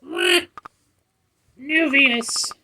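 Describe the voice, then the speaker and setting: A man voicing a tiny, squeaky pet dragon that speaks in clipped, cryptic one-word answers. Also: drawn-out words, vocal fry, recorded from a distance, background noise, full character voice. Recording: loud game music behind.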